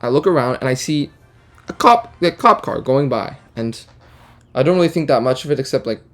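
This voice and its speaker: A young man casually telling a rambling, deadpan, absurd story full of fillers and restarts. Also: medium pitch, a little fast. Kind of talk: casual storytime while gaming.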